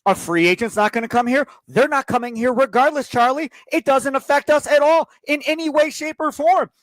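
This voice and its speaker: A man's voice: extremely high pitch, fairly quick, no room sound, poor audio. A man hosting sports talk radio, ranting in heated, emphatic bursts into a studio mic.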